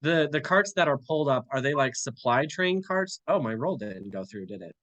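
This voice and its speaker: A young man chatting as a player in a tabletop game, asking quick, casual questions. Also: medium pitch, animated, a bit bright, dry recording.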